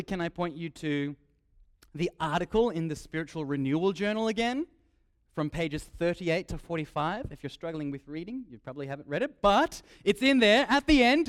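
A young man preaching a sermon, lively and joking, repeating his key phrases. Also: sits high.

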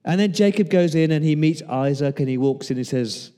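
A man's voice: a little high, brisk, dark tone, smooth. A man preaching a sermon as pastor, retelling Bible scenes with humor and acting out the lines of the people in them. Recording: long hall reverb.

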